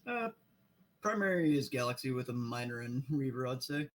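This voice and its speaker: Male guest on a voice call, mid pitch, brief and hesitant. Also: lively intonation, normal speed. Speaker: guest on voice chat. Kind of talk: casual chat.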